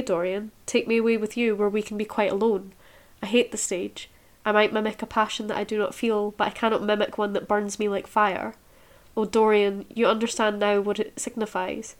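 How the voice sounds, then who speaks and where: Woman reading a lovestruck young actress: dreamy, impassioned, mid-pitched. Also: natural voice. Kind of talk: reading a novel aloud.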